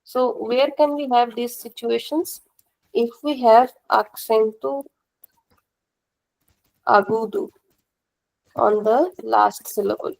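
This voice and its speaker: Young female teacher, Indian accent, slightly high voice with gravelly fry, patient and repetitive classroom explaining. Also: steady tone, slow, long pauses, darkish tone, poor audio. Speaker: language teacher.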